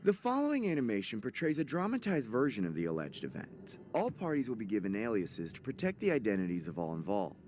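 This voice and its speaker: A man's voice: mid-range voice, wildly swooping pitch, quick pace, hardly any pauses, a little mellow, a little hiss or hum. A man narrating a horror story in a dramatic scripted style. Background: music.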